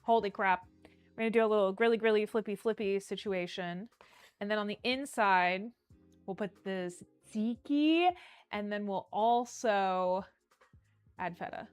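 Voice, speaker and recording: A woman hosting a casual cooking livestream, bubbly and excitable as she talks to her chat from her kitchen. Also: medium pitch, moderate pace, clear, resonant tone, no echo, faint music behind. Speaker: livestream host. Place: home kitchen.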